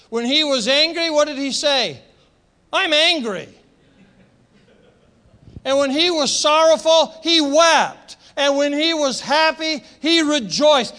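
A man's voice: very high voice, sharp tone. A middle-aged man preaching a sermon as pastor, passionate and emphatic, repeating phrases for force.

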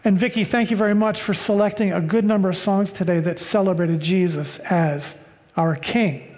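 An American man preaching a sermon, reading scripture and explaining it with slow, deliberate emphasis. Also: high-pitched, steady tone, a little mellow, in a large hall. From United States. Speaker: pastor.

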